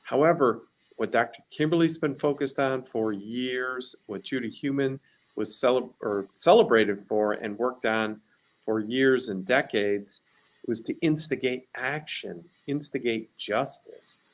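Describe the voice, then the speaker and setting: A man's voice: mid-range voice, unhurried. A man co-hosting a talk show, speaking earnestly and driving home a message. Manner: earnest, emphatic, builds to punchy lines. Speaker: co-host.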